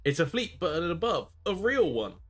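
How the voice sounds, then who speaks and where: A man reading game dialogue aloud in character, voicing a shifty, boastful male space pirate marooned on a planet, with a gruff, wheedling, folksy way of talking. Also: on the high side, big pitch swings, normal speed, faint music behind, pitched above the performer's own voice. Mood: desperate.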